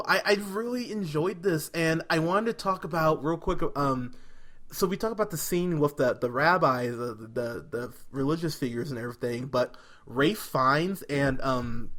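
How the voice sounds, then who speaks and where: A man's voice: a little high, a bit bright. A man co-hosting a movie podcast, chatting casually and animatedly, often laughing and restarting his sentences. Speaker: podcast co-host. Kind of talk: casual movie review chat.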